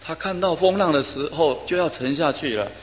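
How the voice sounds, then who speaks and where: A man preaching a sermon in short phrases, pausing for an interpreter, with steady delivery and frequent filler sounds. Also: fairly high pitch, a little hiss or hum. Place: church hall. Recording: reverberant hall, faint ambience.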